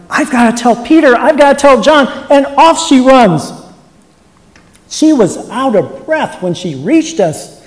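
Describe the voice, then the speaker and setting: A pastor preaching to a congregation, retelling a Bible story in the first person and building to shouted praise. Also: mid-range voice. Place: church before a congregation. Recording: echoey church hall.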